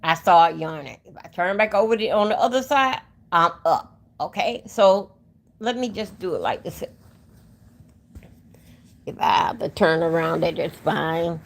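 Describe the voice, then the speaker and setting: A woman's voice: fairly low pitch, animated, measured pace, creaky, long pauses. A woman hosting a casual livestream, rambling and talking straight to her viewers. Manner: rambling, talks to chat directly. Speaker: livestream host. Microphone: phone.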